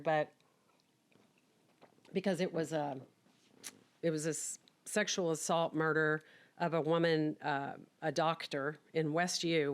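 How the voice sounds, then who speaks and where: A middle-aged woman, a podcast guest, tells her life story in a frank, chatty, candid way, acting out bits of quoted dialogue with laughs. Her voice sits low and has a clean tone.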